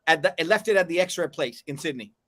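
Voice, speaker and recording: A man's voice: fairly high pitch, expressive, quick pace, fairly bright tone, dry recording. Boastful fifty-something man on video call. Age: 50s. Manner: boastful, swears casually. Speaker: co-host. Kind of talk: casual chat. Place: on the road, remote.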